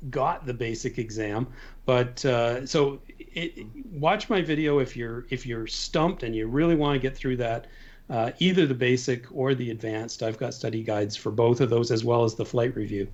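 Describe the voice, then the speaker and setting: A man from Canada, a guest on a live stream, explaining drone exams in a relaxed way with lots of fillers. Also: mid-range voice, normal speed. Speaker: guest, drone exam instructor. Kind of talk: casual chat on a video call. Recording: dull lo-fi remote call audio.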